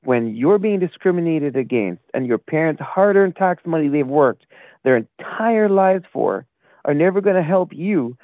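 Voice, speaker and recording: A man calls in to a talk show on a tinny phone line, his voice high-ish and animated at a moderate pace, with a dry sound. He rambles indignantly, sometimes losing his thread, in a classic call-in rant.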